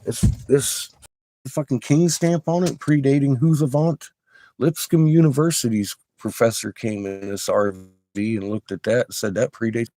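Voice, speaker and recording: A middle-aged man rambling excitedly and profanely in a casual monologue, showing off rocks from inside an RV. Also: medium pitch, moderate pace, no echo.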